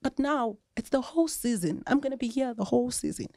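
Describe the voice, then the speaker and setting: A South African woman, a rugby player guesting on a podcast, telling lively stories and often breaking into laughter. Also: fairly high pitch, brisk, no echo, clean studio sound. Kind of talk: casual storytelling chat.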